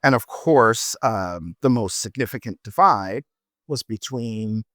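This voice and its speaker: A man's voice: on the low side, expressive, takes it slowly, fairly bright tone, no echo. Middle-aged guy chatting about trips, rambly, keeps restarting, dry close sound. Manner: rambling anecdotal storytelling with many restarts. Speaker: travel podcast co-host. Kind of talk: casual chat.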